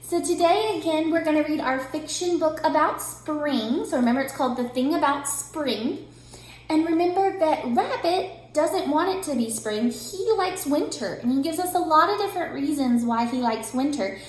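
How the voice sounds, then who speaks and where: A young woman teacher giving an online reading lesson to children, bright and encouraging. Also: sits high. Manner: bright, encouraging, sing-song. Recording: very echoey room.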